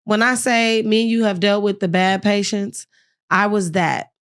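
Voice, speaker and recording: A young woman guest on a podcast, telling a frank, lively personal story in casual talk and acting out the people she quotes. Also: mid-range voice, normal speed.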